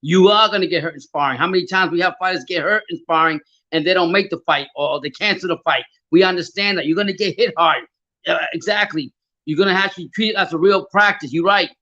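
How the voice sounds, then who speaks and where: Profane, high-voiced man venting on stream. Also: fast talker, bright, forceful tone, muffled recording. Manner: frustrated, profane, stammering, answers chat comments. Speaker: live stream host. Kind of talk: live fight reaction chat.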